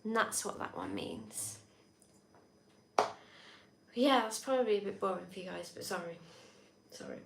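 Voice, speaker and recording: A woman's voice: mid-range voice, wildly swooping pitch, normal speed, creaky, pauses often, background noise. A woman co-hosting a live stream, chatting casually and reading out viewer comments in a rambling, easygoing way. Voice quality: chatty, rambling, laughs easily. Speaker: co-host of a live drinking stream. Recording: echoey room.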